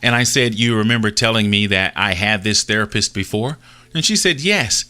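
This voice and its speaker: A man's voice: on the low side, fairly quick, sharp tone. A man telling a personal story in a casual, earnest way, acting out the dialogue as he goes. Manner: earnest, retells dialogue with small restarts.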